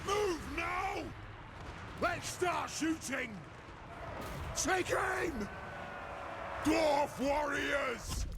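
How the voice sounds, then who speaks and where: Gravelly, drawn-out roars from stout dwarf warriors in a battle video game. They bark orders and oaths with fierce pride, the voice high and strained from yelling. Game audio with loud battle noise underneath. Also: male voice, lively intonation, exaggerated voice. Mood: battle cries. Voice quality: gravelly, always shouting. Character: gruff male dwarf warriors bellowing battle cries.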